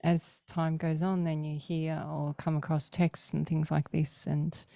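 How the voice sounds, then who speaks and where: Brief: woman, 50s, low voice, animated storyteller on a video call. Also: unhurried, creaky, dry recording, clean studio sound. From Australia. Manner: lively, laughing, acts out quoted dialogue. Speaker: guest.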